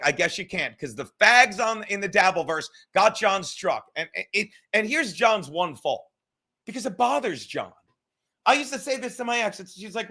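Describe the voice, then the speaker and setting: Bright-voiced man ranting heatedly. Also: high voice. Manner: profane, fast, heated ranting with laughs. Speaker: podcast host. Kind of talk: ranting monologue on a livestream.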